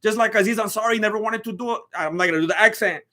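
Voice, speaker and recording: A man hosting a live fight watch-along, firing excited, incredulous questions at his chat. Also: sits high. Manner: talks to the chat with rapid questions. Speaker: livestream host reacting to fights.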